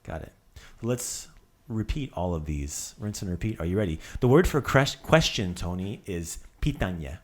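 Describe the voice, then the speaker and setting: A man's voice: low-pitched, expressive, moderate pace. A man hosting a casual language lesson, drilling words with playful asides. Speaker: language teacher.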